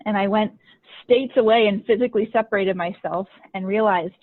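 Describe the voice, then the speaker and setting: A podcast host and coach tells stories casually over a tinny, phone-like line. Her voice is medium-pitched and brisk, and her chatty delivery is full of "like."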